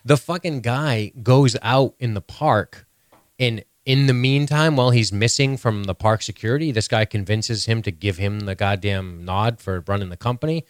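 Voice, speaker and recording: A man co-hosting a podcast, chatting casually in animated, mock-outraged rants full of swearing and laughter. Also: on the low side, normal speed, no room sound, studio quality. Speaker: podcast co-host. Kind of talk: casual recap chat.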